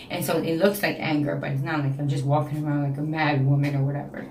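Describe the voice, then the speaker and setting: A woman's voice: low-pitched, little pitch movement, fast talker, noisy background. Woman, late 30s, New York accent, emotional confessional vlogger, echoey room. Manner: frank, emotional, talks in repeated phrases. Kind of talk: casual confessional vlog. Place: home, indoors.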